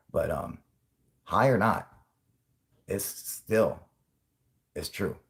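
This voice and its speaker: A stoned young man in his twenties chats loosely into his webcam, rambling through his thoughts and dropping curses every few words. His voice sits on the lower side, and he breaks into laughter often. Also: expressive, drawn-out words, vocal fry. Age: 20s. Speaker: channel host. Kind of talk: casual livestream chat.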